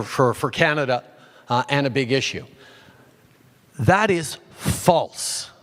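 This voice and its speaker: A man answering audience questions at a town hall, halting and restarting with many fillers. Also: mid-range voice, fairly bright tone, clean tone.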